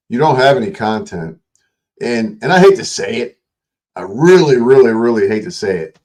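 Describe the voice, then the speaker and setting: A man's voice: mid-range voice, very animated, moderate pace, darkish tone. A man hosting a late-night livestream, ranting in a combative, mocking and profane way at another online creator. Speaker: livestream host.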